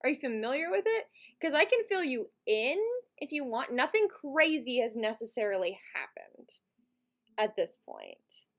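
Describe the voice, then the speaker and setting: A woman's voice: high-pitched, big pitch swings, normal speed, fairly bright tone. Giggly, chatty woman streamer. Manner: chatty and giggly, talks to chat. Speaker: live streamer host. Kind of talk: casual live-stream chat with viewers.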